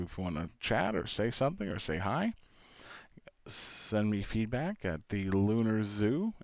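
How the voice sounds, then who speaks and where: Man from New York, rambling casual podcast talk, low voice with lively ups and downs, dry close sound. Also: no room sound. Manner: rambling and chatty, laughs often. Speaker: podcast host, father. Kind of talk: casual solo podcast monologue.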